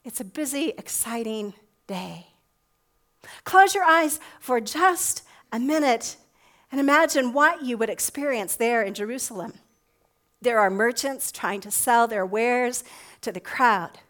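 A woman pastor giving a sermon, gently leading listeners through an imagined scene. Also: fairly high pitch, expressive, measured pace.

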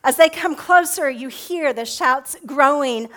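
A woman pastor giving a sermon, gently leading listeners through an imagined scene. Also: high-pitched, a little slow, few pauses.

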